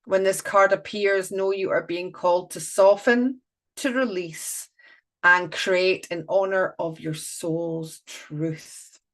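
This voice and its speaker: A woman's voice: fairly low pitch, fairly even intonation, takes it slowly. A woman doing a live oracle card reading, chatty and playful, breaking off to greet viewers.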